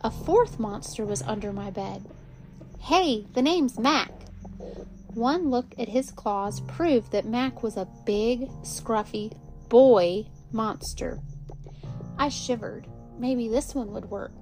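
Slow, expressive woman reading a storybook. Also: on the high side, soft background music. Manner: expressive, lively character reading. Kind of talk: children's picture book read aloud.

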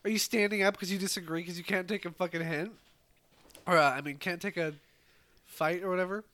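A man's voice: high-pitched, steady tone, fairly quick, sharp tone. A man co-hosting a casual podcast at home, rambling and swearing, laughing often and tripping over words. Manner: rambling, profane, laughs a lot, stumbles on words. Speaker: podcast co-host. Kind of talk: casual chat. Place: home, indoors. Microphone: podcast mic.

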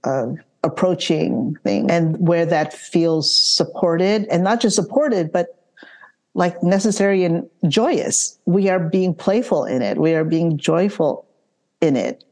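A woman's voice: on the low side, slow pace. A woman hosting a podcast interview, speaking heartfelt and earnest, repeating words as she searches for them and laughing now and then. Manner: stammering restarts, warm questioning, laughs. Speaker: podcast host.

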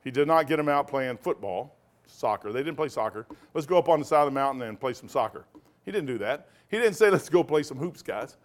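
A man teaching a Bible study in a rambling sermon style, animated, often laughing and digressing, with sudden loud bursts. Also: mid-range voice, a little fast.

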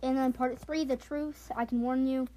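Woman with a high voice rushing through a book summary, lots of um and so basically. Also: steady tone, dark tone, a little hiss or hum. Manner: rambling, lots of fillers and restarts, hurried. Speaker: storyteller retelling a book. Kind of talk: casual retelling of a story.

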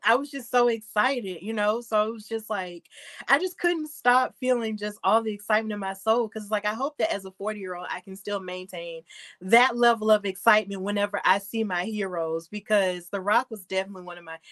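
A woman in her thirties co-hosting a wrestling aftershow, chatting in an animated, gushing way with lots of fillers and laughs. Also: mid-range voice, brisk. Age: 30s. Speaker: aftershow co-host. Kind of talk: excited casual chat.

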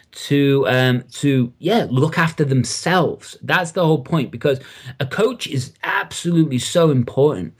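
A man with an English accent, a coach speaking as a guest on a podcast interview with enthusiastic, animated delivery. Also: on the high side, husky.

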